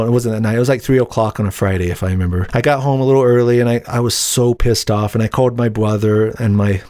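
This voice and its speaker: A man's voice: on the low side, darkish tone, dry recording, studio quality. A young adult man hosts a solo podcast, telling a personal story in a candid, rambling, indignant way. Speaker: podcast host.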